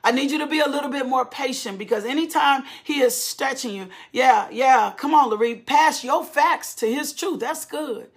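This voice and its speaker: Fervent woman preacher with husky voice. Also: high voice, normal speed, few pauses. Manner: fervent, repetitive preaching cadence with call-and-response. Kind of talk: sermon.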